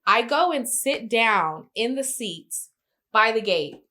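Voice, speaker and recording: A woman's voice: fairly high pitch, slow. A woman co-hosting a travel podcast, telling a story in casual chat and acting out the people in it. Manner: animated storyteller, acts out quotes with big swings. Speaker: podcast co-host.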